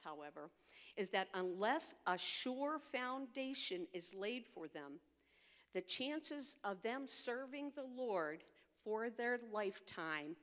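A woman's voice: mid-range voice, fairly bright tone. An older woman, a girls' ministry leader and grandmother, giving an earnest, heartfelt personal testimony as a storyteller. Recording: long hall reverb.

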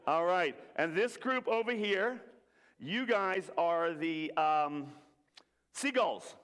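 A man gives a jokey, interactive sermon and gets the congregation to chant along. His voice sits a little high for a man. It rings out with the long reverb of a big hall. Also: big pitch swings, measured pace, fairly bright tone. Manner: jokey, leads the crowd in call-and-response. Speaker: preacher. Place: church hall with an audience.

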